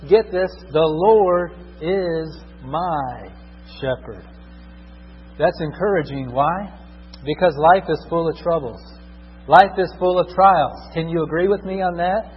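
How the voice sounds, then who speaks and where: A man's voice: a little high, moderate pace, a little hiss or hum. A man preaching a sermon as a pastor, emphatic, often checking in with the congregation. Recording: dull echoing hall recording.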